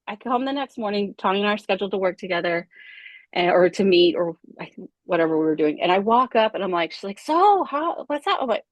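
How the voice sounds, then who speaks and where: A woman's voice: mid-range voice, quick pace, no echo. A woman guest on a podcast, chatting casually and telling an emotional story with animation. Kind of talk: casual chat.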